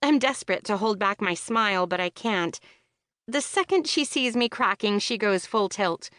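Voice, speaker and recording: A woman's voice: mid-range voice, animated, moderate pace, a bit bright, no room sound, clean studio sound. A woman narrating a rom-com audiobook in the first person, with a wry, comic delivery, recorded in a booth.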